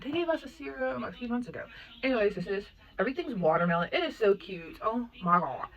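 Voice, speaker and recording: A young adult woman chatting excitedly as a makeup vlogger, full of asides and "like". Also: fairly low pitch, dull audio, slight background noise. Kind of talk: casual unboxing chat.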